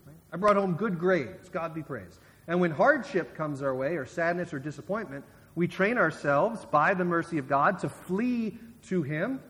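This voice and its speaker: A man's voice: on the high side, long reverb tail. A man preaching a sermon in a conversational way, with frequent restarts and asides to the congregation. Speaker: guest preacher.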